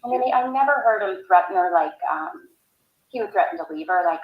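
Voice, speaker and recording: A woman recalling family events in a recorded interview, speaking haltingly. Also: on the low side, lively intonation, lo-fi sound. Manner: halting, hesitant recollection. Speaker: interviewee, sister of the subject. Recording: echoey room.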